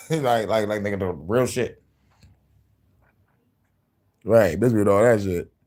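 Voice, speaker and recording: A man's voice: fairly low pitch, slow pace. A man hosting, ranting in a profane, casual commentary style, often laughing as he talks. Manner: animated, laughing, cursing. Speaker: host.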